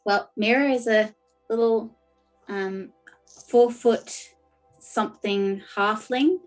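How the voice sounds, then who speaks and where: A woman's voice: fairly high pitch, slow pace, faint music behind. A woman playing in a tabletop game, describing her character in a chatty way with many fillers. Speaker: player.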